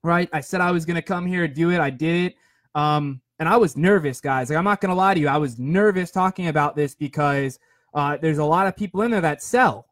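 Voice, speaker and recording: A man's voice: fairly high pitch, a little fast, dry recording. Chatty young man, dry close sound. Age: 20s. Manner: rambling, filler-heavy, self-deprecating. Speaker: podcast host. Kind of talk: casual storytelling monologue.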